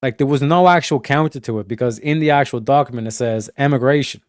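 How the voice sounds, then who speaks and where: A man streaming a casual, rambling monologue, swearing constantly and full of fillers and restarts, going from emphatic to low muttered asides. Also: quick pace, clean tone, no room sound, studio quality. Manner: profane, filler-heavy, restarts often. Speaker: streamer hosting a study session.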